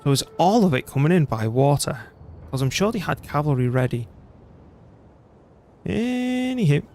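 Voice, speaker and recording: A man's voice: mid-range voice, lively intonation, fairly quick, a little mellow, a little hiss or hum. A middle-aged British man chatting and rambling casually while streaming a strategy game. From Britain. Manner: rambling, chatty, self-deprecating. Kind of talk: casual gameplay commentary.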